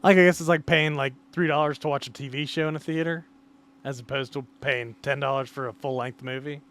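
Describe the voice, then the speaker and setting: A man's voice: medium pitch, fairly even intonation, fairly quick, a bit bright. A man co-hosting a podcast in casual chat, tossing in dry teasing remarks. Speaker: podcast co-host.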